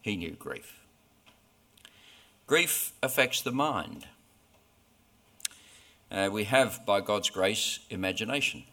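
A man delivers a sermon, taking his time and letting pauses sit between phrases. His voice sits a little low but carries a forceful, bright edge. The delivery stays earnest and deliberate throughout. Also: big pitch swings. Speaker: preacher.

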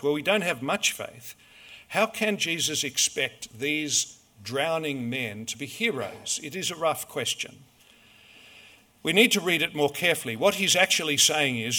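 A man preaching a sermon, measured and storytelling, full of rhetorical questions. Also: medium pitch, expressive, pushed and bright.

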